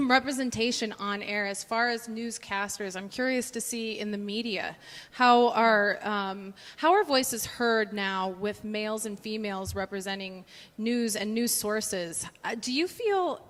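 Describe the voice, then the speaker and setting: A woman's voice: medium pitch, measured pace, a bit bright, in a large hall. A woman moderating a panel, who asks her questions hesitantly and with stumbles. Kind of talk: panel discussion.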